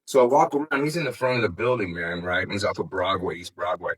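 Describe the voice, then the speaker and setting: Here a middle-aged man, a fast talker with a low-sitting, fairly bright and slightly breathy voice, tells a story as a guest in an interview. His casual, laid-back talk wanders, with plenty of swearing and lots of "man." The audio is rough.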